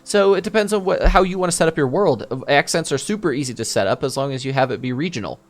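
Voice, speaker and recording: Talking fast with lively intonation and a slightly high voice, a man answers viewer questions as a game master. In casual chat he thinks aloud, restarts often, and cites his own campaign as examples.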